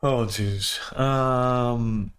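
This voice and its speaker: A man streamer telling a story in a casual rant, animated, swearing and restarting often. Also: mid-range voice, extremely slow, smooth.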